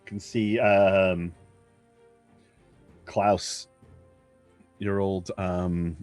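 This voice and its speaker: A low-voiced man running a tabletop game at an unhurried, drawn-out pace, filling pauses with ums and uhs. Faint music plays behind him. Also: little pitch movement, a little mellow. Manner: halting, many ums and uhs. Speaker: game master.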